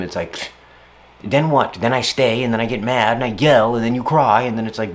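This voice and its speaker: A young man talking casually about handling stress, playful and animated, often slipping into silly voices and acted-out quotes. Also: fairly low pitch, moderate pace. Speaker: speaker reflecting on stress. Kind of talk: casual reflective monologue.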